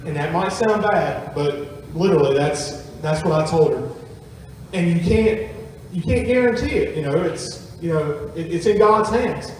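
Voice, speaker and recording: A man's voice: on the high side, measured pace, a little hiss or hum. A man, a pastor telling a family story in a folksy sermon to his congregation. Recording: echoey hall from far off.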